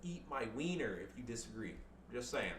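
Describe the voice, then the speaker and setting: A man giving casual, profane, excitable commentary over his own strategy game match, joking and swearing between calls. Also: medium pitch, moderate pace, echoey room, far from the mic, slight background noise. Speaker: gameplay commentator.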